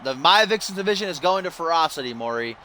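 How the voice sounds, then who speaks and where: A young man calls a video game wrestling match in a high, bright voice that swings widely as he gets excited. He laughs and groans at the mistakes with exasperated energy. A faint hiss sits under the recording. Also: fast. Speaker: gaming YouTuber. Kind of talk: play-by-play commentary over a wrestling video game.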